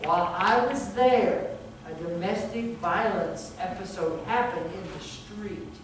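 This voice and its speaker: A male pastor delivers a sermon in a loose, conversational way, circling back and repeating himself mid-sentence. He sounds a fair way from the microphone in a strongly reverberant church. A steady background noise runs under his voice. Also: high voice, a little slow. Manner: conversational preaching with frequent restarts and repeated words. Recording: very echoey hall, distant mic, background noise.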